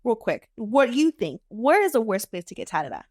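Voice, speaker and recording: A woman hosts a casual podcast, reacting expressively and swearing freely. Her slightly high voice swings in pitch a lot, and the sound is dry and close. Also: very animated, moderate pace, a little mellow, no echo. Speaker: podcast host.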